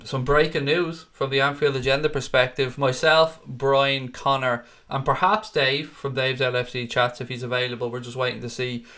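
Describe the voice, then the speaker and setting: A man's voice: medium pitch, pushed and bright. A man hosting a casual fan channel livestream, answering viewer comments in a blunt, outspoken and often profane way. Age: adult with a wife and kids.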